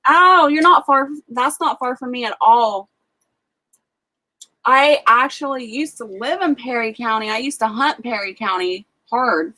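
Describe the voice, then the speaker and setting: A woman's voice: on the high side, expressive, a little slow, bright, forceful tone. Chatty woman telling rambling farm stories. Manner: chatty storyteller, lots of "like". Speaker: livestream host. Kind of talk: casual chat. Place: rural farm home.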